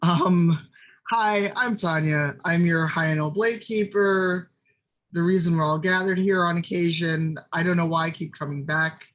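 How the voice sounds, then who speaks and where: A woman's voice: on the low side, normal speed, low-quality recording. A woman introducing herself on a game livestream with dry, teasing humor. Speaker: player and creative director. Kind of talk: livestream chat.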